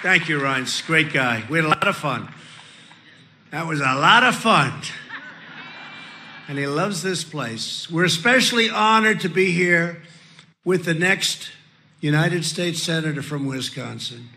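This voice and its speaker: Male rally speaker: tense, forceful, fairly high voice; boastful ad-libs, shouted punchlines. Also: lively intonation, measured pace, pauses often, slight background noise. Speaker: rally speaker introducing candidates. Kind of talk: political rally speech.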